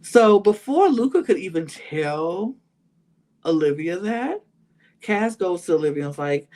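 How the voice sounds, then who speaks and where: A woman's voice: fairly low pitch, very animated, measured pace, dark tone. A woman hosting a podcast, casually recapping a reality show, full of "like" and "you know" and acting out what people said. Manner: chatty, full of "like" and "you know", acts out quotes. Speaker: podcast host.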